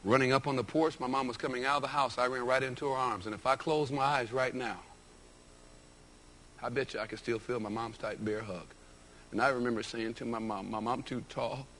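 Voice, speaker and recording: A man delivering an emphatic, energetic motivational keynote with storytelling. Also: medium pitch, fairly quick, slight background noise. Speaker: motivational speaker.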